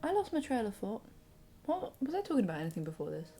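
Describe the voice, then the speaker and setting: A woman's voice: on the high side, big pitch swings, quick pace, warm tone. A young woman co-hosting a game stream, chatting in a bubbly, gushing way. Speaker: streamer co-host. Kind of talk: casual chat while playing a video game.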